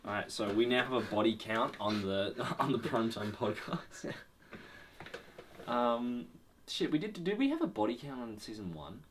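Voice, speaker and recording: A young man co-hosting a podcast in casual chat, rambling with restarts and swearing freely, his voice a little low and groggy in the morning. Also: big pitch swings, a little slow, noisy background. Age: young adult. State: morning voice, a bit lower than usual. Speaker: podcast co-host.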